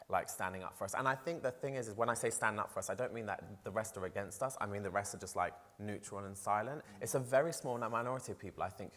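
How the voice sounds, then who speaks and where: On stage at a festival panel discussion in a large hall, a trans presenter talks in a low, slightly bright voice, the recording carrying long hall reverb. They speak casually and passionately, emotional and run-on, with lots of "like" and restarts.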